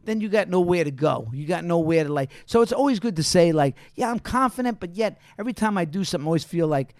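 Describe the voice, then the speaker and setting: A man's voice: high-pitched, expressive, quick pace, darkish tone, no room sound, clean studio sound. A middle-aged man, a guest actor in casual chat, animatedly telling stories, acting out quotes and swearing as he laughs.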